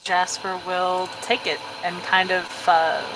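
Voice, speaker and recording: Woman game master, relaxed halting narration, lowish voice, noise under the line.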